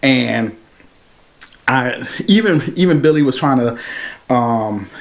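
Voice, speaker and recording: A man giving a casual, animated movie review, retelling the plot with slang. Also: mid-range voice, takes it slowly, vocal fry. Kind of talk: casual spoken film review.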